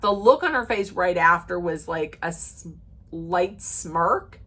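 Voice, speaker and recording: A woman recapping a reality TV episode in a chatty, opinionated rant, full of "like" and restarts, sometimes acting out what the cast said in a lower voice. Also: lively intonation, slow pace, a bit bright. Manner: acts out quoted lines in a lower voice.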